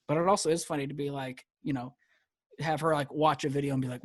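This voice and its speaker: A man's voice: a little high, fairly even intonation, quick pace, no room sound, studio quality. A man who is a comedian guest on a podcast, chatting casually and animatedly and laughing often.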